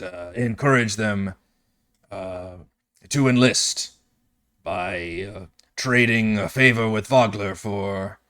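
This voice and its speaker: A man voicing a cautious, deliberate male city governor with calm authority in a tabletop game. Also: on the low side.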